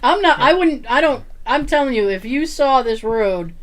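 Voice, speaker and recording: Her high voice carries a faint hiss or hum as she talks at a moderate pace. As a podcast co-host swapping stories casually, she acts out what others said with lively energy and frequent laughter.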